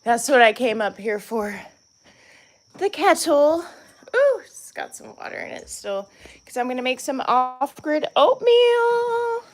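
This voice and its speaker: A woman with a high, sing-song voice speaks slowly, with a slight hiss or hum. Co-hosting a homestead channel, she live-streams a casual vlog from her off-grid cabin, moving around and chatting to viewers she calls y'all.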